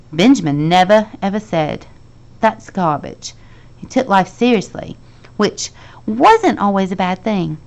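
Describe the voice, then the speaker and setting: Woman teacher, storybook read-aloud, lively and expressive, low with some fry. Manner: expressive reading with lively voiced dialogue. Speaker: teacher reading to her class. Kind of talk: reading a children's novel aloud.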